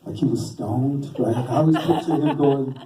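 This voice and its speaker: Telling a story at a live comedy show, this stand-up meanders and pokes fun at himself, with lots of fillers and restarts. His voice is medium-pitched at a normal speed, recorded from a distance in a roomy hall with faint hiss.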